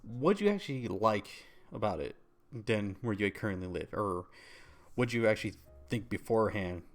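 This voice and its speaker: A man's voice: fairly low pitch, lively intonation, moderate pace, faint music behind. A man hosting a podcast, chatting casually and teasing his guest with crude jokes. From Midwest countryside. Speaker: podcast host.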